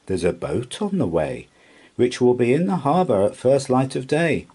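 A man's voice: mid-range voice, sing-song, normal speed, warm tone, slightly rough, pitched above the performer's own voice. A man voicing an old man at the harbour sharing news, in a raised, eager voice for a storybook. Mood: excited.

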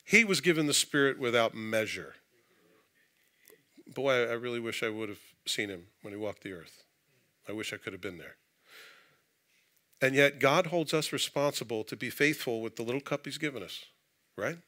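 A pastor giving a conversational sermon in a church, mixing scripture reading with casual asides and jokes. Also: male voice, medium pitch, expressive, moderate pace, pauses often, sharp tone. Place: church sanctuary.

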